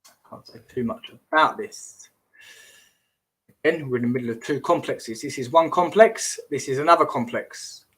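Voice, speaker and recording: A man's voice: mid-range voice, normal speed, fairly bright tone, breathy edge. A man hosting a casual livestream, rambling and exclamatory, often trailing off and restarting mid-sentence. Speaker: host.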